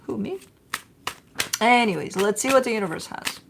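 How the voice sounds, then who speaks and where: A woman's voice: normal speed, creaky, background noise. Chatty woman doing a casual tarot reading. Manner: chatty and rambling, coos to her pets in a high excited voice. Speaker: tarot reader.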